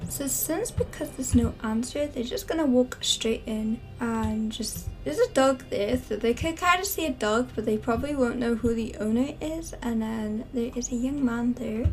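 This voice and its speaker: A woman's voice: fairly high pitch, darkish tone. Chatty woman telling a game story. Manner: chatty, filler-heavy with "like". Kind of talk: casual game story narration.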